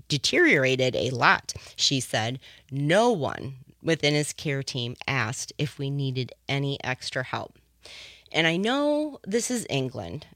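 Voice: medium pitch, a bit bright, no echo. A radio talk show host giving impassioned, personal commentary into a studio microphone.

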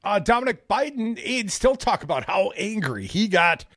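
A man co-hosting a casual news chat, reading out stories and adding animated, jokey asides. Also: high-pitched, moderate pace, dry recording, studio quality. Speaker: podcast co-host.

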